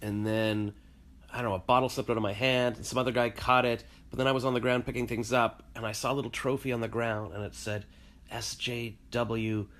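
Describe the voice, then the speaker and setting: A man's voice: medium pitch, fairly even intonation, fast talker, fairly bright tone. A man vlogging casually from his home, rambling and joking in a self-deprecating way. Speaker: vlogger and voice actor. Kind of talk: casual vlog.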